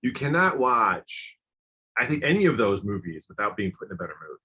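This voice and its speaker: A man's voice: on the low side, very animated, a little fast, bright, forceful tone, husky. A man co-hosting a podcast, chatting casually and enthusiastically, rambling with lots of fillers. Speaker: podcast co-host. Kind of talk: casual chat.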